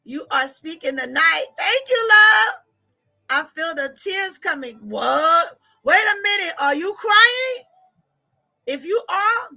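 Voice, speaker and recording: A woman's voice: very high-pitched, pushed and bright, rough recording. A middle-aged woman, coaching viewers on a live stream, emotional and often laughing through tears as she reads their comments. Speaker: life coach.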